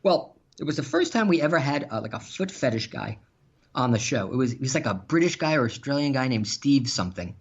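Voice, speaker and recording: A man's voice: mid-range voice, fairly quick, breathy edge. Man animatedly telling funny stories. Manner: animated, laughs while telling anecdotes. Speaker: podcast guest. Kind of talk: casual storytelling. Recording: dull lo-fi sound.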